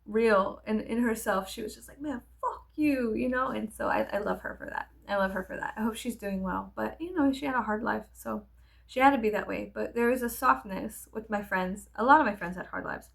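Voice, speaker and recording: A woman vlogger at home telling a personal story in a casual, rambling way with many fillers and halting restarts. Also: medium pitch, expressive, vocal fry, fairly bright tone. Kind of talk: casual storytelling while getting ready. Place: at home with animals nearby.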